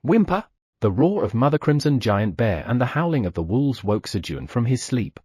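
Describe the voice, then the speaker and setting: A man narrating an audiobook in a lively storytelling manner, voicing the sound effects. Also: medium pitch, fairly quick, breathy edge, no echo, clean studio sound. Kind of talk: scripted narration.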